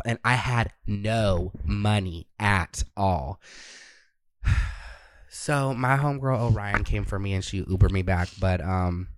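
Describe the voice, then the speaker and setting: A man's voice: lowish voice, no room sound. A man co-hosting a podcast, telling a long personal story in casual chat. He swears freely and acts out what other people said. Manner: profane, animated storyteller who acts out quotes. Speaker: podcast co-host.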